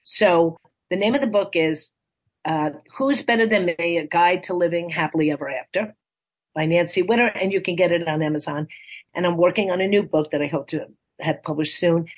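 A woman in her sixties, a life coach and author, chatting in an interview and telling stories with lively acted-out quotes. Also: fairly low pitch, fairly quick. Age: 60s. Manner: chatty, animated storytelling, acts out quoted voices. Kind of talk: casual interview chat.

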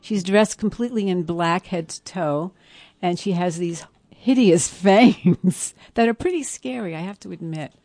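A woman hosting a live radio fund drive, playful and animated, teasing her co-hosts and pleading for calls. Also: lowish voice, a little slow, no room sound. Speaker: radio show host.

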